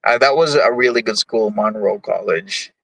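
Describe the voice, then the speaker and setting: A man's voice: fairly low pitch, moderate pace, vocal fry, fairly bright tone, no room sound, low-quality recording. A young man from Jamaica hosting a livestream, chatting casually and reading chat messages in a rambling, easygoing way. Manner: rambling, easygoing, many fillers. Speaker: livestream host.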